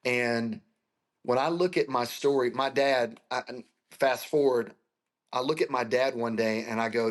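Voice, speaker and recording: As a guest on a video-call interview, a pastor from Florida in his forties recounts his life story with earnest emotion. His mid-range voice holds a steady tone at a normal speed.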